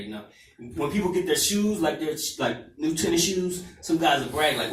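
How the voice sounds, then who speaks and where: Rambling stand-up comic, echoey room. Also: male voice, fairly high pitch, lively intonation, a little fast. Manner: loose, rambling storytelling with asides. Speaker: stand-up comedian. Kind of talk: stand-up set. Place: comedy club stage. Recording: echoey club from far off, faint noise.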